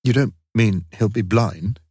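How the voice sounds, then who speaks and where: A man's voice: fairly low pitch, measured pace, darkish tone, slightly rough, dry recording, clean studio sound. A man voicing a remorseful teenage son who talks in a pleading way.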